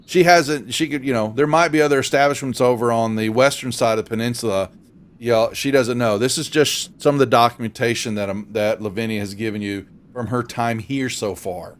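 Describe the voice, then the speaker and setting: A man with a drawl runs a tabletop game in a smooth, resonant voice. He rambles through the setting, full of fillers and restarts. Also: mid-range voice, fairly quick. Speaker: game master.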